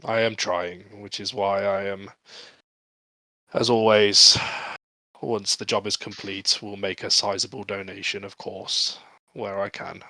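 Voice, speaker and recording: A man playing an earnest, proud orc in a tabletop game, speaking haltingly and laughing often. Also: on the low side, little pitch movement, bright, forceful tone, no room sound, low-quality recording. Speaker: player. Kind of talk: in-character tabletop role-play.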